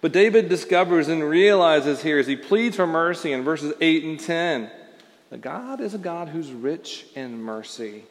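A man's voice: on the high side, animated, measured pace, long reverb tail. A man preaching a sermon as a pastor, talking in an informal, storytelling way with fillers and restarts. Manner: conversational, with frequent fillers and restarts.

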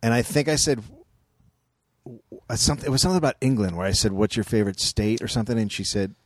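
A man guesting on a podcast, telling stories in a deadpan, blunt way with crude jokes. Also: mid-range voice, quick pace, no room sound. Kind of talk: casual podcast chat.

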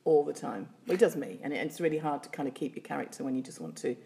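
A woman with a Leeds accent talks on a comedy podcast in a fairly low voice. She rambles, restarts and fills gaps with ums. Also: animated, fast, gravelly, warm tone. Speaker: comedian guest. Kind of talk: casual comedy podcast chat.

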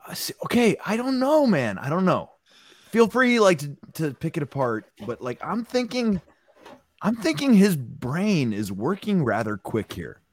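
A man's voice: high-pitched, very animated, measured pace. A man hosting a podcast and chatting casually about a clip, swearing freely and theorizing animatedly. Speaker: podcast host. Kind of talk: casual chat reacting to a clip.

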